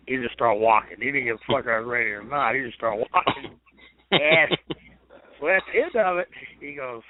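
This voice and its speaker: A man's voice: mid-range voice, lively intonation, brisk. A man, a retired pro wrestler, telling rambling, profane stories as a guest on a phone interview. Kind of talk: casual storytelling over the phone. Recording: tinny phone line.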